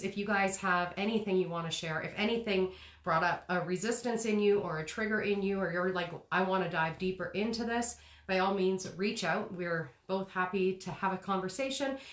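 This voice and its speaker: A woman's voice: medium pitch, fairly bright tone. Echoey woman with rising sentence endings. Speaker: host. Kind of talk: casual conversational live stream.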